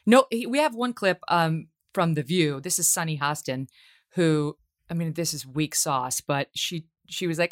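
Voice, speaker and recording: A woman's voice: deep voice, moderate pace. A woman hosting an interview podcast, talking in an incredulous, pointed way. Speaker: podcast host. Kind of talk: interview conversation.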